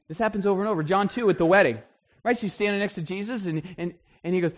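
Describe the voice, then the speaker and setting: A man preaching a sermon in an animated way, acting out the voices he quotes. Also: high voice, rapid-fire. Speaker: pastor.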